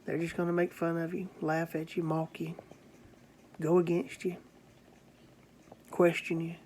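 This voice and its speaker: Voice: medium pitch, monotone, unhurried, a little mellow, slight background noise, lightly acted. Someone doing a scornful, mocking devil. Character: scornful devil bargaining over humanity.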